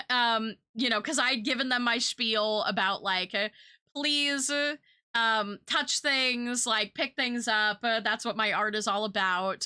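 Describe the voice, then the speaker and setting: Young woman streamer, high and bright, chatty storyteller with lots of fillers. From Kentucky. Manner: chatty, animated, lots of fillers and quoted voices. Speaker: streamer and artist. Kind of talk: casual storytelling chat.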